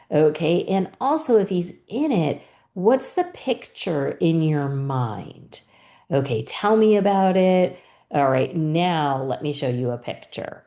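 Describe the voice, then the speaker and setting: A woman's voice: deep voice, dark tone. A woman giving a training lesson on teaching reading and spelling, explaining patiently and acting out teacher prompts. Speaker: reading instructor.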